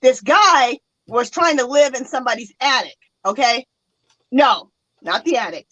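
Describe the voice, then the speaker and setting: A woman's voice: high-pitched, measured pace, dry recording, rough recording. A woman hosting a casual chat, telling a story with lots of feeling and acting out her own reactions. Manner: animated, acts out her own reactions in quotes. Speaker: host.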